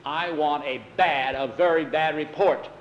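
A greedy, scheming banker who barks orders and makes threats, voiced by a man telling the story. The voice sits a little high, the sound is dull, and there is a roomy echo. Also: fairly even intonation, slight background noise, natural voice. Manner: bossy, threatening, quick to bark orders. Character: greedy scheming middle-aged male small-town banker.

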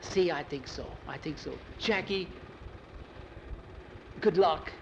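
A man voicing a frightened young man, speaking in a hushed, hesitant way. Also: on the high side, slow, pitched above the performer's own voice. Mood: anxious. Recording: dull lo-fi, faint vehicle noise.

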